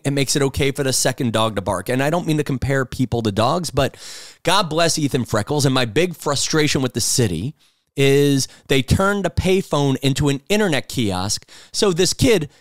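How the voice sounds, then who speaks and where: A middle-aged man, hosting a podcast and telling stories in a loose, animated monologue. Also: fairly high pitch, dry recording, clean studio sound. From New York City. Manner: rambling, animated storytelling. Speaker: podcast host. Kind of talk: casual monologue.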